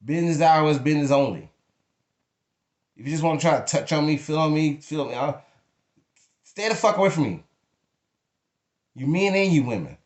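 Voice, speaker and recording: A man's voice: on the high side, a little fast, a little mellow. A man speaking to camera in an emotional venting monologue, blunt and emphatic, cursing freely. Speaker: vlogger. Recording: echoey room.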